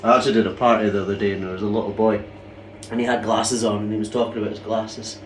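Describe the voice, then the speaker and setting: Speaking fast in a fairly low, flat voice, a channel host who keeps reptiles chats casually to the camera. He's handling large pythons and cooing at them affectionately, sounding slightly out of breath. He's far from the mic, with slight background noise.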